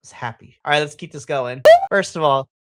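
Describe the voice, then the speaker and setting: A podcast host recapping a wrestling show in casual chat, excitable and profane, acting out their own reactions. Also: medium pitch, fairly quick, no room sound.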